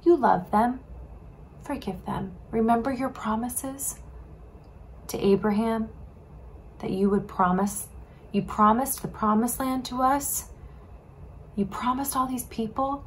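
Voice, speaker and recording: A woman voicing a man softly and earnestly begging for mercy in a children's Bible story. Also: a little high, takes it slowly, pauses often, a little hiss or hum. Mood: pleading.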